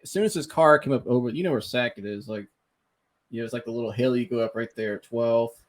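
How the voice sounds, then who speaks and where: A man's voice: mid-range voice, fast talker. Laughing man telling a wild story. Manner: animated storyteller, laughs often, mimics people he quotes. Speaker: podcast host. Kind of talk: casual storytelling.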